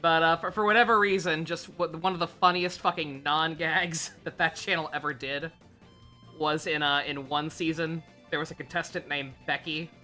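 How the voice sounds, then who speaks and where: A woman's voice: sits low, steady tone, normal speed, bright, forceful tone, faint music behind. A woman streaming a game live, chatting casually in a rambling, profane way with lots of fillers. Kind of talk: casual live gameplay commentary.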